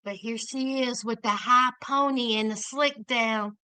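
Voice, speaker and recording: A woman hosting a casual commentary show, talking in an animated, emphatic way with sudden outraged outbursts. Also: fairly high pitch, unhurried, clean tone, no echo, low-quality recording.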